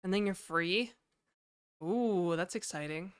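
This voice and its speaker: Smooth low-voiced woman chatting on stream. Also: slow pace, no room sound, clean studio sound. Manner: chatty, reads chat aloud and laughs. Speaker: livestreamer. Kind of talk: casual livestream chat. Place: home in Toronto.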